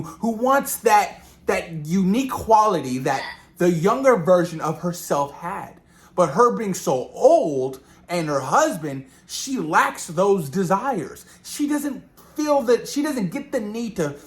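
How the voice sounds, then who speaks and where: Guy rambling about a film he just saw, kinda high voice, keeps repeating himself. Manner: animated, rambling, repeats words, acts out quotes. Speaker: movie reviewer. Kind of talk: casual film review vlog.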